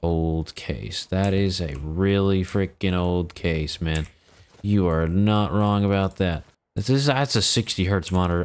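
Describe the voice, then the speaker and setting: A man's voice: sits low, a little slow. A man giving casual, joking gameplay commentary, talking back to the game's characters in mock exasperation. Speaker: gaming YouTuber.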